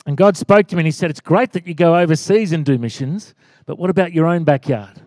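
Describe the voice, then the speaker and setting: Pastor in his forties, high voice, dry close sound, lively preaching with calls for amen. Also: quick pace, no echo. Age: 40s. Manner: animated, rising to loud exclaims and calls for amen. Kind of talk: sermon.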